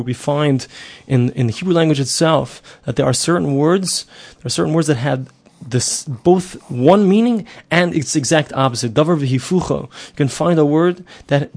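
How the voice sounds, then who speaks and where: Middle-aged man, Torah teacher, fairly high voice, earnest and repetitive, asks questions of his listeners. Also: darkish tone. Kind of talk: spoken Torah lesson.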